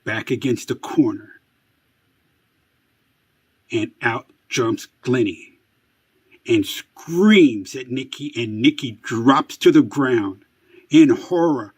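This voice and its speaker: A man spins a family tale as spooky mock-suspense narration, taking his time over every word. His voice is slightly husky and sits at an everyday middle pitch. He slips in wry, self-mocking asides between the dramatic lines. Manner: dramatic, slow and hushed, building to excited outbursts. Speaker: storyteller.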